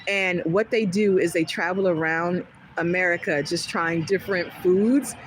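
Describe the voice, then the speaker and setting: A woman's voice: lowish voice, unhurried, slight background noise, rough recording. Chatty woman rambling on a livestream. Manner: chatty and rambling, jumping between topics; animated, often laughing. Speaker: livestream host. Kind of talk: casual livestream chat with viewers. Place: home in California.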